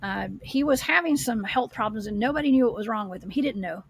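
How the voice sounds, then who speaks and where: A woman, a paranormal investigator, telling her story as a guest in a casual podcast chat, animated and rambling. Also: fairly high pitch, quick pace, breathy edge, no echo.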